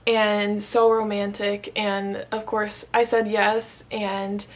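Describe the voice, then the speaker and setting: A woman's voice: medium pitch, little pitch movement, slow. A young woman from Michigan telling her proposal story to the camera, gushing and emotional, with lots of "like.". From Michigan, USA. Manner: gushing, emotional, heavy use of "like". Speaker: vlogger.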